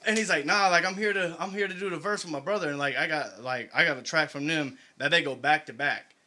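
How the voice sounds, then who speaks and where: A man chats on a podcast, spinning animated stories and laughing through the quotes he acts out. His voice sits a little high and sounds bright and forceful. The sound is dry and close. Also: brisk, no room sound. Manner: animated storyteller, laughs while quoting others. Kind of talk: casual chat.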